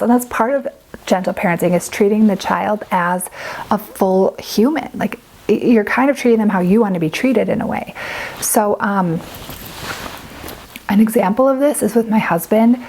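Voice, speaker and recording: A woman's voice: medium pitch, normal speed, a little mellow, poor audio. A young adult woman giving casual, earnest parenting advice to camera, chatty and full of filler words. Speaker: parent vlogger.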